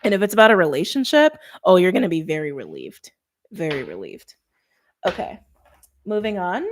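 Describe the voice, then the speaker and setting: A woman with a slightly low voice gives a relaxed, chatty tarot reading to camera. She talks to her viewers as if they were friends, peppering her talk with "like" and quick little laughs. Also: slight background noise. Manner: talks straight to viewers by sign. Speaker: tarot reader.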